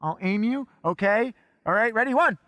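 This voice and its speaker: Man, comic fire performer, theatrical, bossy, high lively voice, bright. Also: moderate pace, no echo, studio quality. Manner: theatrical, bossy, bursts into shouting. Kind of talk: comic stage patter.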